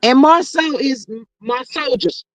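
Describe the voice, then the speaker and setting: A woman's voice: sits high, a little slow, rough recording. A woman hosting a casual livestream chat, reading viewer comments aloud and agreeing emphatically. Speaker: host.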